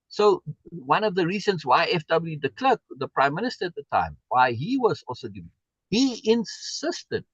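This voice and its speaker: A man's voice: fairly high pitch, a bit bright, husky, no echo, lo-fi sound. A man hosting a live stream, talking in an emphatic way and repeating words for stress as he answers viewer comments. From South Africa. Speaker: livestream host.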